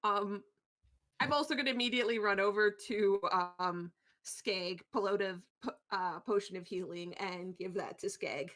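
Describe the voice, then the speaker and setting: A woman's voice: medium pitch, moderate pace, fairly bright tone. A woman playing a tabletop game, casual, crude and swearing. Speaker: player.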